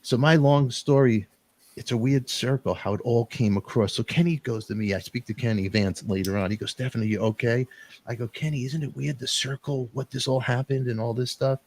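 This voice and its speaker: A middle-aged man hosting a talk show, rambling through animated, emotional storytelling and quoting friends. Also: mid-range voice, brisk, no room sound. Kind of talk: emotional casual chat.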